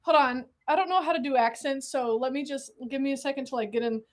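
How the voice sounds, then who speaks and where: A young woman with a high, bright-pitched voice chats on a live unboxing stream. She is excitable and rambling, swears casually and keeps drifting from one tangent to the next. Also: fast, a little hiss or hum. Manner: excitable, rambling storyteller who swears freely and keeps getting sidetracked.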